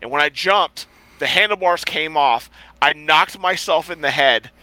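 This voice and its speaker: An adult man past college age co-hosts a casual podcast, speaking in a high-leaning, pushed and bright voice at a measured pace. He tells stories animatedly, acts out the people in them, and swears and laughs often. The low-quality recording has no room sound.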